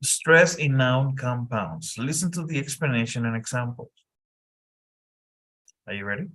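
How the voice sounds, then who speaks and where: A man tutors a single student in English, speaking slowly and deliberately. He repeats each instruction patiently. His pitch sits in a middle range. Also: expressive, fairly bright tone. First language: Spanish. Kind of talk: one-on-one lesson coaching.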